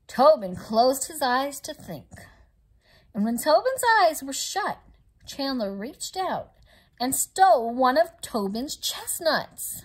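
A woman reading a children's story aloud in a slow, unhurried way. Her voice is high and lively, rising and falling a lot, and it has a slightly husky grain.

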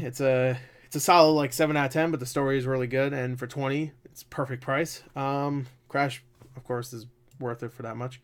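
Casting: male gaming vlogger, mid pitch, excitable and loose, swears a lot. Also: a little fast. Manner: excitable, swears, laughs often. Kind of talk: casual commentary.

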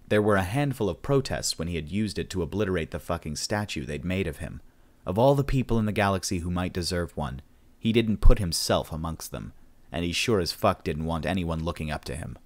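A man narrating a sci-fi audiobook in a steady, measured storytelling voice. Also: low voice.

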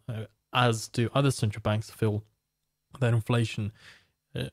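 A man presenting a financial market preview, walking through economic data in a steady, explanatory way. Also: mid-range voice, dry recording, clean studio sound. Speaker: market analyst.

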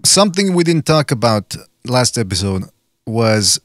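A man's voice: medium pitch, sing-song, unhurried, dry recording, studio quality. A man hosting a podcast, chatting in a teasing way. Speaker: host. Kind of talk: casual podcast chat.

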